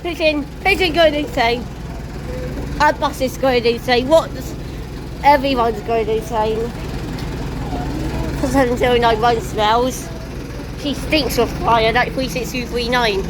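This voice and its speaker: A woman filming buses outdoors and giving excited, casual commentary on her phone, exclaiming and laughing often. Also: fairly high pitch, slow pace, pauses often. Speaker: transport vlogger. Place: outdoors by a busy road with buses. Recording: outdoor traffic noise. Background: buses and street traffic.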